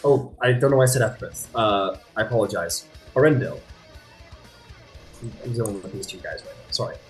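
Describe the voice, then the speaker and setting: A man narrating as game master of a tabletop game, chatty and quick to apologize. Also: on the low side. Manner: lively, chatty, apologetic asides. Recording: faint guitar music behind.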